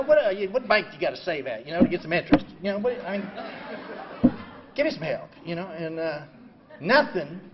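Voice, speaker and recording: An older man in his seventies talks through his recovery story in a blunt, self-mocking way, leaning on "you know" constantly. His voice sits high and moves over a wide, lively range, from quiet reflection to loud outbursts. The recording is dull and lo-fi. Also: slight background noise. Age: 70s. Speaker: recovery meeting speaker. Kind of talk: personal recovery talk.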